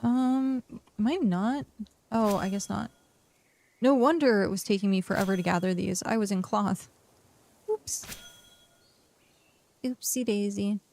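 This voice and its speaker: A young woman streams a game and chats loosely with her viewers, thinking out loud as she plays. She sounds tired and yawny. Her mid-height voice carries a steady gravelly fry. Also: mid-range voice, a little slow, pauses often, slight background noise. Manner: rambling, talks to herself and chat. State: tired, yawning. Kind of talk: casual live-stream chat while playing.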